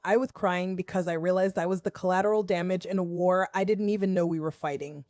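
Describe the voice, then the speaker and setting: A woman in her forties from the Southern US, a school principal telling her own story in measured, wry, confessional first-person narration. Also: fairly low pitch, fairly even intonation, a little mellow, no room sound, clean studio sound.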